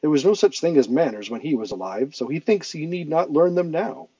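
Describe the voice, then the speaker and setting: A man reading aloud and voicing a gentle male teacher with a soft, breathy voice. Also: fairly high pitch, animated, a little fast, no room sound, muffled recording, pitched above the performer's own voice. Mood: explaining.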